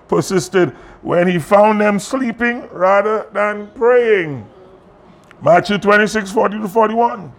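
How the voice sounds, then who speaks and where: Gravelly-voiced pastor in his sixties. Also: high-pitched. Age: 60s. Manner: conversational, jokes with the congregation. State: in pain. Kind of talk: sermon. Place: church sanctuary.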